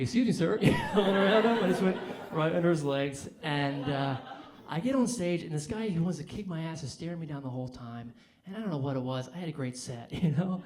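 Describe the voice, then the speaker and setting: A young adult man doing a stand-up comedy set on a brewery stage, telling deadpan stories and later working the crowd loudly. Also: a little high, noisy background. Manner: deadpan storytelling, rising to loud crowd work. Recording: live audience laughter behind.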